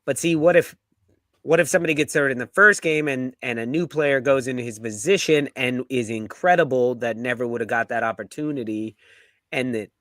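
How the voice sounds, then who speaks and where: A man's voice: mid-range voice, a little fast, a bit bright, no room sound, clean studio sound. A man co-hosting a football fan show, joking through casual banter and laughing often. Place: live-streamed show.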